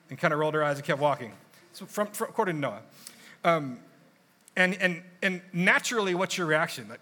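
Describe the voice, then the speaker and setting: Young male pastor, fairly high, bright voice; casual, animated sermon delivery. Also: fast talker. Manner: conversational, animated storytelling with asides.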